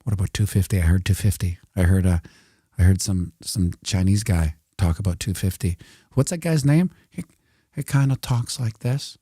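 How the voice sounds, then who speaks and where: A man's voice: deep voice, moderate pace, warm tone, slightly rough, no room sound, clean studio sound. A man giving casual, rambling commentary over a price chart, joking and talking to himself as he works the screen. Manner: rambling, talks to himself while working a chart; joking asides and mild swearing. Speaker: video host.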